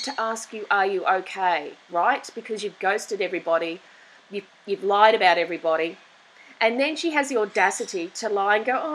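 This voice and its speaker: A middle-aged woman host holding forth in a blunt, opinionated monologue. She restarts her sentences often as she rants. Her voice sits at an ordinary middle pitch. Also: sharp tone, slight background noise, rough recording.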